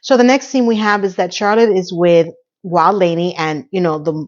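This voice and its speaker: A woman's voice: lowish voice, fairly even intonation, normal speed, lo-fi sound. A woman giving a casual, rambling recap of a TV episode with personal asides, acting out the characters' lines as she goes. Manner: chatty, acts out characters' lines in quotes. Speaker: TV series recap reviewer.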